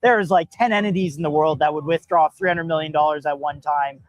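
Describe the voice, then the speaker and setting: Upbeat male live-stream host, chatty and quick to react, dry close mic. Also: on the high side, no echo. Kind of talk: casual live-stream interview. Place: hackathon event floor.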